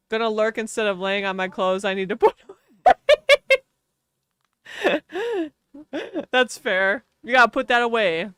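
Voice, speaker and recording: A woman's voice: on the high side, expressive, normal speed, a bit bright, clean tone, no room sound, clean studio sound. Chatty Wisconsin woman streamer. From Wisconsin, US Midwest. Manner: chatty, laughs often, talks to chat and at the game. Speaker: game streamer. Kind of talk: casual live-stream chat.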